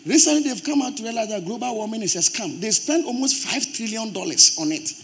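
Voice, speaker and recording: A man with a Ghanaian accent preaching a sermon in church, forceful and emphatic, rising to loud outbursts. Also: high-pitched, expressive, quick pace, vocal fry, a little hiss or hum. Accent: Ghanaian English. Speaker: pastor.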